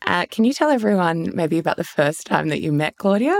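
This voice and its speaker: A woman hosts a podcast with a low, gravelly voice. She talks casually and chattily, encouraging her guest. The recording is dry and close. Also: animated, fairly quick, dry recording. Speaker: podcast host. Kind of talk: podcast conversation.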